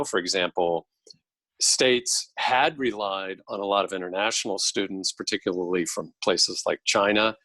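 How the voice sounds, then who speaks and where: A middle-aged man speaking as a podcast guest and policy expert, explaining in a measured way. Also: lowish voice, fairly bright tone, no echo, poor audio. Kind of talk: podcast interview.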